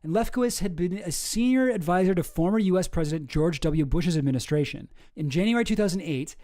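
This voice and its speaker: A man's voice: high-pitched, expressive, fairly quick, mellow. A man hosting his channel, reading through documents and commenting in a rambling, profane way that keeps interrupting itself. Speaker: channel host.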